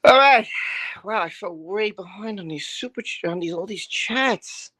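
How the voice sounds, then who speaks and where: A woman's voice: mid-range voice, lively intonation, moderate pace, fairly bright tone. A middle-aged woman hosting a live stream in casual chat, greeting viewers by name in a chatty, scattered way.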